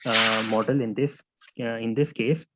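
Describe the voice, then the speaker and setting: A man's voice: mid-range voice, steady tone, measured pace, noisy background. A male student presenting answers to his teacher in class, hesitant and full of fillers, calling him sir. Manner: hesitant, many fillers and restarts.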